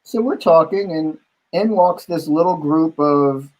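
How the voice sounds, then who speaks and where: A man with a slightly higher voice spins lively nightlife anecdotes in a relaxed conversation. He keeps the chat casual and acts out the lines of the people in his stories as he goes. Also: a little slow, poor audio. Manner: animated anecdote-telling, acting out quotes. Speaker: bar owner and guest host.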